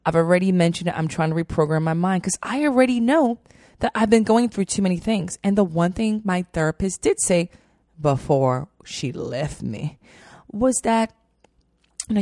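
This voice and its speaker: A young woman telling a personal story in a chatty, animated way, full of fillers. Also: fairly low pitch, moderate pace, dry recording, clean studio sound. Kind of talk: casual storytelling.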